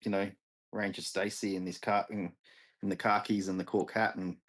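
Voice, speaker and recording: A laid-back Australian man with an Australian accent chats casually on a live stream, his very low voice carrying a husky grain. He tells stories easily and chuckles often, with a flat delivery at a moderate pace, and the recording quality is low.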